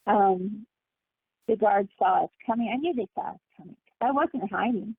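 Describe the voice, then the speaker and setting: A woman guest on a call-in talk show, telling her story in an animated, emphatic way over the phone. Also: medium pitch, unhurried, breathy edge, dry recording. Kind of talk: casual phone interview. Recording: tinny phone line.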